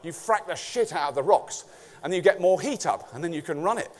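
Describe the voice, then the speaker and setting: A man's voice: high voice, expressive, brisk. A middle-aged man from England giving a comic conference talk, sweary, jokey and sarcastic. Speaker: conference speaker.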